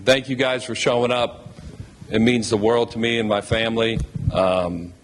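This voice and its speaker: A man's voice: mid-range voice, steady tone, moderate pace, slight background noise. A man speaking as a new head basketball coach at a press conference, heartfelt, emotional and thankful.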